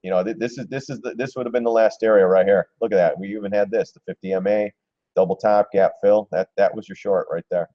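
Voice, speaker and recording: Man, middle-aged, low mellow voice, blunt casual market chatter, swears and laughs, dry close mic, dull lo-fi stream audio. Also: steady tone, fast talker, no echo. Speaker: stock trading live-streamer.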